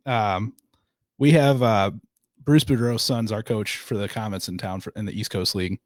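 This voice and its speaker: A man's voice: fairly low pitch, normal speed, dry recording, clean studio sound. A man hosting a radio show, asking casual questions and reading listener questions while laughing along.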